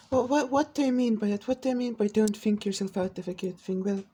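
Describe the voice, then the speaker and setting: A woman's voice: mid-range voice, fast, hardly any pauses, mellow. A woman vlogger ranting casually, profane and rambling, with many restarts. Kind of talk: casual rant to camera.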